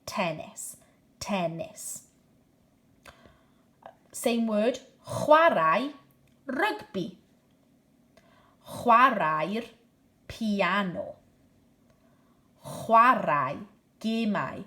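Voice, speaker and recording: A woman teaching a language lesson, modeling words slowly and checking in with "okay?" after each point. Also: medium pitch, expressive, sharp tone. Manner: slow, careful modeling of words to repeat, frequent "okay?" checks. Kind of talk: slow bilingual language lesson.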